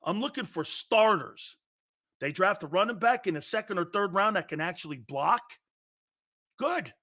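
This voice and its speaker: A combative male sports talk host with a high, bright voice that swings wildly up and down. He fires off rhetorical challenges in an opinionated rant. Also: expressive, moderate pace.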